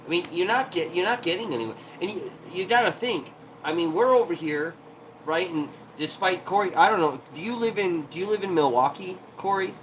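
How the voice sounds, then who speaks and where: A man's voice: high-pitched, expressive, brisk, slight background noise, poor audio. A man hosting a livestream from home, ranting heatedly and profanely in an irritated tone. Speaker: livestream host.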